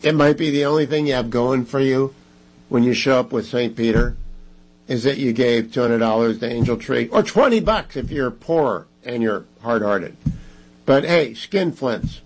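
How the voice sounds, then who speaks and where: A man hosting a talk radio show, making brisk, emphatic appeals to listeners with chatty asides. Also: mid-range voice, low-quality recording. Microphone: studio microphone.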